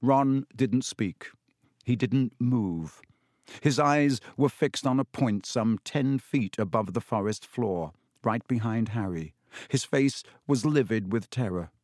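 A man reading a story aloud as an audiobook narrator, in a steady, even storytelling manner. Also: mid-range voice, slow pace, dry recording, clean studio sound. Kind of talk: scripted narration.

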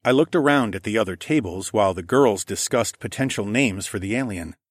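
A man narrating an audiobook in the first person, in a calm, even, low-key way. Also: fairly quick, no echo, clean studio sound.

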